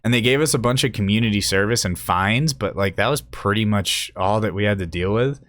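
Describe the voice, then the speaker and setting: A man's voice: lowish voice, a little fast, fairly bright tone, no echo. A young man hosting a podcast, telling a rambling, profane story and laughing at his own jokes. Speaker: podcast host. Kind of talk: casual storytelling.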